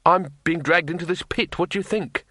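A man voicing a cowardly, panicky male wizard who talks in a shrill, whining way. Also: brisk, bright, forceful tone, no echo, studio quality. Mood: urgent.

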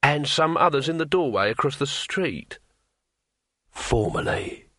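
A man voicing a calm, cold male assassin who speaks low, quietly and in clipped words. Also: measured pace, no room sound, studio quality. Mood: deadpan.

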